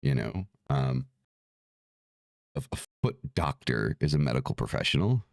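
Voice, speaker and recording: A man's voice: rumbling low, sing-song, a little slow, gravelly, a little mellow, dry recording, clean studio sound. A man hosting an occult livestream, ranting in a casual, profane, irritated way, with many restarts.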